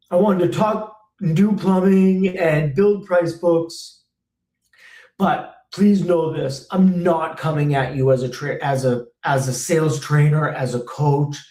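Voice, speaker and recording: A man's voice: on the high side, steady tone, measured pace, warm tone. Man, thirties, former technician, blunt, fired up, cursing, roomy echo. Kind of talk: live Q&A rant.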